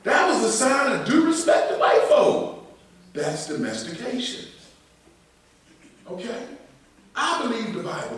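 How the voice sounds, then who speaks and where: Animated preaching man in an echoey church. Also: unhurried, long pauses, recorded from a distance. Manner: animated preaching, shifting between loud emphasis and low asides. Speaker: pastor. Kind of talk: sermon. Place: church sanctuary.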